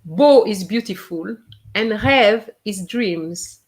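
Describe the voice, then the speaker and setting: A woman's voice: mid-range voice, slow pace. A woman teaching a live online language lesson, patiently repeating each phrase to model its pronunciation. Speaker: French teacher.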